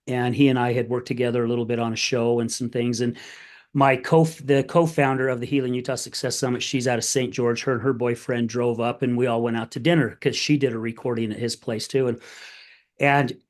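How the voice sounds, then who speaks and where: A middle-aged man hosting a podcast, telling candid stories in a casual, plain-spoken conversation. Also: mid-range voice. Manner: storytelling, animated retelling of conversations. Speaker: podcast host.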